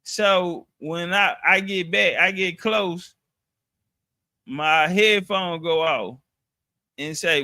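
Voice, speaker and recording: A man spins a casual, slang-heavy story with plenty of profanity and restarts. His voice sits high and bright, and he talks at an easy, slow pace. The sound is dry and close, with no room in it. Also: no room sound.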